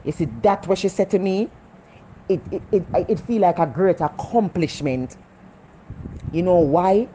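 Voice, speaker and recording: Low-voiced Jamaican woman giving earnest life lessons. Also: measured pace, long pauses, mellow, slight background noise. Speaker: vlogger. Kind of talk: heartfelt motivational talk.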